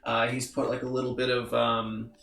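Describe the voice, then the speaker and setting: A man's voice: medium pitch, monotone, normal speed, vocal fry, distant mic. A man narrating as game master of a tabletop game, rambling with many fillers. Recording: echoey room, faint noise.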